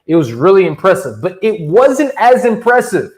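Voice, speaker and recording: A man co-hosting a casual fight recap podcast, animated and profane, often laughing as he talks. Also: high-pitched, normal speed. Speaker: podcast co-host. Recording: roomy echo.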